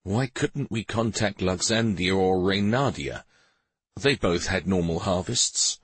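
A man's voice: low voice, measured pace, slightly rough, no echo. A man voicing a resentful, scheming male minister who sneers at a commoner.

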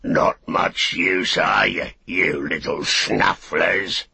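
A man voicing a big, bullying male orc soldier who talks gruffly and threatens. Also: low-pitched, fairly even intonation, slow pace, pushed and bright, no echo, heavily acted.

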